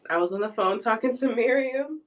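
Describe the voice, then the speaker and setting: A woman's voice: a little high, expressive, fairly quick. A young woman from Ohio telling a story in casual chat, laughing often and putting on voices for quotes. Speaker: tarot reader.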